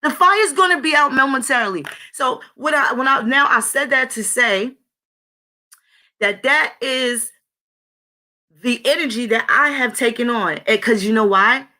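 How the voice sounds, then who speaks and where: A woman's voice: on the high side, measured pace, pauses often, bright, forceful tone. A woman hosting her own channel in a blunt, profane, conversational monologue, talking straight to her viewers. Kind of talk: casual spoken monologue.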